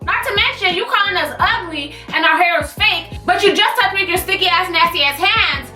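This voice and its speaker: A young woman in her twenties, a vlogger telling a storytime tale in an animated, sassy way with blunt slang. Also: extremely high pitch, fairly quick. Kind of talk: storytime vlog. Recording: echoey room, mic at a distance, faint music.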